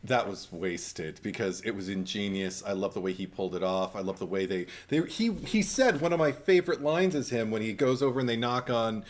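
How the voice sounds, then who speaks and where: An American man co-hosting a podcast, chatting casually and animatedly, breaking into laughter and high-pitched mimicry. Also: expressive, brisk, few pauses, a little hiss or hum. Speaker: podcast co-host. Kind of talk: casual chat.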